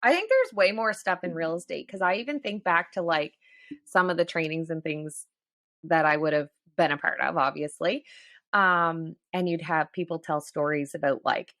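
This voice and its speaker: A woman in her thirties talks casually on a podcast with a bright, forceful tone. Her voice is a little low for a woman and sounds dry and close. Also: dry recording. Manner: quick reactions, lively casual chat. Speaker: podcast co-host. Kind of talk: casual chat.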